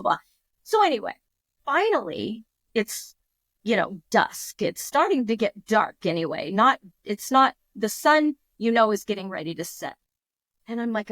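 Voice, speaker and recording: A woman guest on a podcast, telling a story in a lively, casual way and acting out her own thoughts in quotes. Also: medium pitch, measured pace, no room sound.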